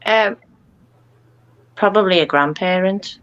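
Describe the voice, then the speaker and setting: A woman taking part in a dog-training lesson, mostly answering in short, agreeable phrases. Her voice is bright and crisp. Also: mid-range voice, slow, dull audio. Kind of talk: casual coaching chat.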